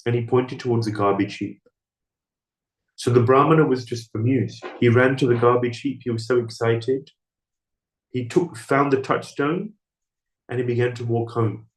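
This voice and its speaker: A man telling a scripture story in a temple hall, voicing the characters as he goes. His voice sits in a middle register. The room gives it a clear echo. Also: moderate pace. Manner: storytelling, acting out dialogue with raised pitch. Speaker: speaker giving a scripture class. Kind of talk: sermon storytelling. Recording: echoey room.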